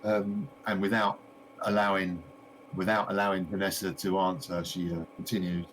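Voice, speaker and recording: A man's voice: deep voice, level tone, normal speed, fairly bright tone, slight background noise, rough recording. Hesitant man narrating a tabletop game. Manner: hesitant, many fillers. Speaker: game master.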